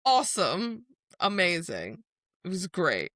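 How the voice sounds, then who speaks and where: A woman's voice: lowish voice, wildly swooping pitch, slow pace, fairly bright tone, no echo, clean studio sound. A woman co-hosting a podcast, chatting casually about a novel and acting out the characters' lines with animation. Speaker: podcast co-host. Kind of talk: casual book discussion.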